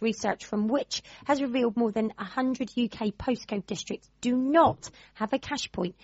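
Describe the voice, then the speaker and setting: A woman co-hosts a radio show, reading course details and business news. Her manner is chatty and teasing, with a higher-pitched voice. The studio sound is dry and a little dull. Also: no echo.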